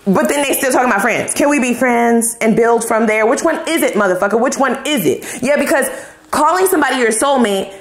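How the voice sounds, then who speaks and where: In a roomy-sounding space, a woman with a fairly high voice talks fairly quickly while giving a tarot reading on camera. Her manner is casual, animated, profane and full of slang, and she doesn't mince words.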